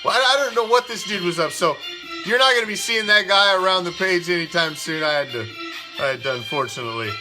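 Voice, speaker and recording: A man's voice: high voice, brisk, over music. A man hosting a fan show, ranting in a heated, profane, rambling way. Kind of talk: casual ranting commentary.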